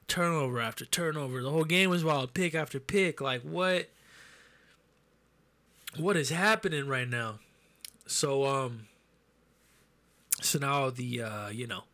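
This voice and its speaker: A man's voice: mid-range voice, pushed and bright. A man hosting a podcast, chatting loosely about sports with plenty of swearing. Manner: loose, profane sports banter. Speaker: podcast host. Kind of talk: casual podcast chat.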